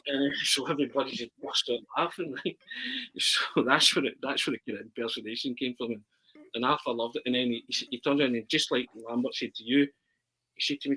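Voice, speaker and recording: A Scottish man telling stories in a casual chat as a podcast guest, animated and constantly checking in with his listener. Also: mid-range voice, fairly quick, breathy edge, rough recording. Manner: animated, keeps asking "right?". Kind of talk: casual storytelling.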